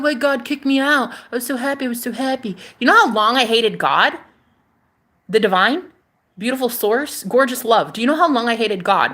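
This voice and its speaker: In a medium-pitched, slightly bright voice, a woman gives a casual spiritual monologue to camera for her vlog. She's sassy and profane, calls viewers honey and repeats phrases to drive points home.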